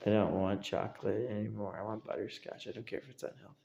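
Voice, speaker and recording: A man with a gravelly, mellow voice rambling on a casual stream. He repeats himself and keeps checking that listeners follow him. The voice sits in a roomy, echoey space. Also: on the low side, fairly even intonation, fast, muffled recording. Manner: rambling, repetitive, asks for agreement.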